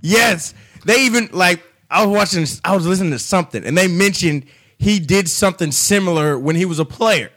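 A man's voice: high-pitched, a little fast, fairly bright tone. A man co-hosting a casual sports chat, ranting in an exasperated way. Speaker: sports podcast co-host.

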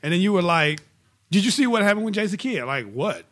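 A man's voice: high-pitched, sing-song, a little fast, fairly bright tone. A man co-hosting a casual sports chat, joking and mocking, with free cursing. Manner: joking, mocking retellings, curses freely. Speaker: sports podcast co-host.

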